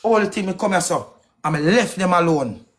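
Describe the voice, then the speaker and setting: Jamaican guy going off on a live stream, high voice, angry and accusing, rapid questions. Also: animated. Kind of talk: heated live-stream rant.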